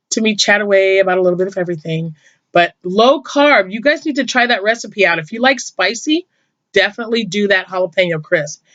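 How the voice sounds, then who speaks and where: The recording is muffled but free of echo, carrying a grandmother's medium-pitched, fairly bright voice. She's an older crochet vlogger speaking casually to camera, chatty and emotional, her voice falling to a whisper whenever she's moved.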